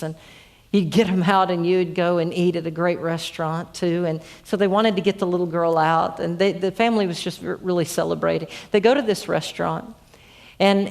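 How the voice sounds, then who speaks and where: A woman preaching a narrative sermon, earnest and full of repeated restarts. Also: on the low side. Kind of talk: storytelling sermon.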